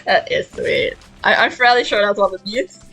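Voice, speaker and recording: A woman's voice: mid-range voice, animated, moderate pace, gravelly, bright, forceful tone, breathy edge, low-quality recording. A young woman streamer chatting casually while playing a video game, giggly and repeating words as she thinks. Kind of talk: casual gaming stream chat. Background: faint game music.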